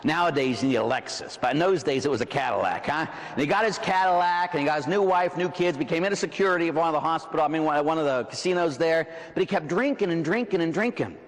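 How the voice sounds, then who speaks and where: Pittsburgh priest, conversational preacher, lively sweeping pitch, long church reverb. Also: male voice. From Pittsburgh, USA. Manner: slows and drops low for emphasis, then rises; conversational, tags "huh?" and "right?". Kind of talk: evening sermon with personal stories.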